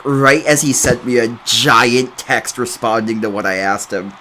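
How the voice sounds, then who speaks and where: A young man hosting a casual livestream into a boom-arm mic. He giggles often, rambles, repeats words and mocks himself. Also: normal speed, hardly any pauses, bright, forceful tone, a little hiss or hum. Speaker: livestream host.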